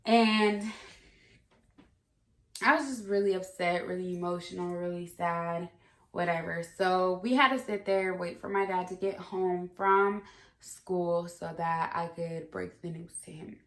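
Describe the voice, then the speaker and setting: A woman's voice: fairly low pitch, fairly even intonation, a little slow. A young woman telling a story from her own life in a casual, candid way, swearing freely and rambling with fillers. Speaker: vlogger. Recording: echoey room.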